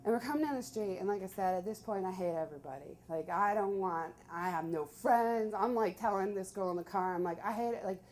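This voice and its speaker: A young woman telling a personal story live, chatty and animated, full of "like". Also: mid-range voice, fairly quick, hardly any pauses, slight background noise.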